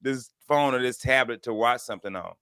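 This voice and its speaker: A middle-aged man co-hosting a comedy radio talk show, talking in a relaxed way with frequent restarts. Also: medium pitch, fairly quick, clean tone, no echo, studio quality. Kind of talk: casual comedy radio banter.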